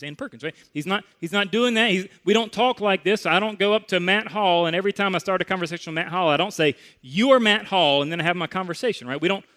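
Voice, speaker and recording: Male pastor, high-pitched, earnest sermon delivery with frequent restarts. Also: a bit bright.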